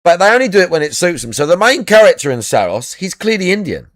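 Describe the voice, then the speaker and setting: A man's voice: high voice, sing-song, fast talker, a bit bright, no echo, clean studio sound. A young adult man chatting casually as a podcast co-host, blunt and sweary, repeating his points. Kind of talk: casual chat.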